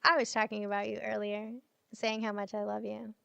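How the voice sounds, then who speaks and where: A woman's voice: mid-range voice, monotone, fairly quick, gravelly, a bit bright, clear, resonant tone, no room sound. A tired woman in her thirties chatting casually to friends on a livestream, affectionate and swearing freely.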